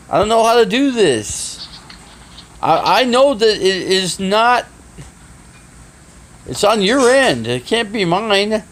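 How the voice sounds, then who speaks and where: Male streamer, gravelly voice that swings widely in pitch, flustered and cursing, phone mic, faint noise. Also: big pitch swings, slow, pauses often. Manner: flustered, swearing, restarting sentences. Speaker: live streamer. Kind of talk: casual live stream talk.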